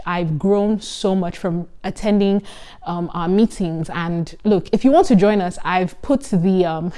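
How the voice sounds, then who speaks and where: A young woman in her twenties, a medical student, chatting casually to camera in an animated, giggly and earnest way. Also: medium pitch. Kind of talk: casual vlog talk.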